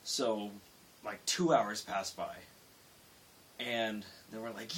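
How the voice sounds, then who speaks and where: A man's voice: mid-range voice, moderate pace, far from the mic. A young man vlogging late at night, telling a work story in a rambling, self-interrupting way. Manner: rambling, self-interrupting, with loud acted-out quotes. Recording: faint hiss, voice a bit off-mic.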